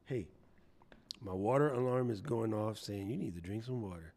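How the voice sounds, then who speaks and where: A man with a lowish, warm voice and a moderate pace runs a casual live stream. Playful and chatty, he answers viewers by reading their chat messages aloud and uses jokey voices.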